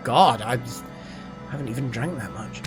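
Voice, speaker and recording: A gaming channel host rambles through let's play commentary at a normal speed, his pitch leaping as excitement builds before sinking into mutters. Soft game music plays faintly underneath.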